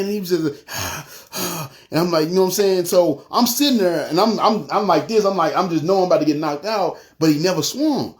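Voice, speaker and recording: A man, telling his personal testimony in an animated way, often saying "you know what I'm saying". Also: sits high. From North Memphis. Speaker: testimony speaker.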